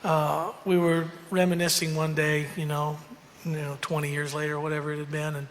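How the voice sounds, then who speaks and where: Man spinning a casual story, fairly high voice, rambling, reverberant hall with faint hum. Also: completely flat delivery, normal speed. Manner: rambling, full of fillers, laughing asides. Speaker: country singer telling a story.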